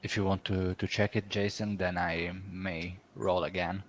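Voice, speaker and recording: A man playing a tabletop game, talking through his rolls in a brisk, rules-focused way. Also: sits low, little pitch movement. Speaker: player. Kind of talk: casual chat over a tabletop game.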